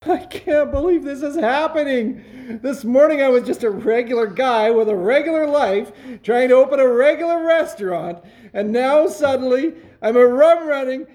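A panicky middle-aged restaurant owner who keeps losing control of the situation, read by a woman. The voice is fairly high and very animated. The delivery is flustered and frantic. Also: measured pace. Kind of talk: play read-through.

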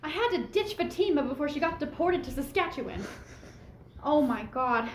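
A woman playing a resourceful young daughter in a play read-through, brisk and improvising. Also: sits high, lively intonation, slight background noise. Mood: worried. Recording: echoey room.

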